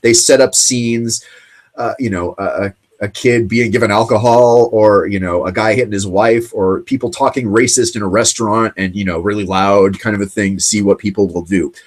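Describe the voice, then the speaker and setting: A man hosting a late-night talk show in a loose, rambling monologue, full of fillers and restarts. His voice is husky and sits fairly low, and he sounds choked up and tearful throughout. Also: steady tone, normal speed. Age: grew up in the 1980s. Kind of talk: casual monologue.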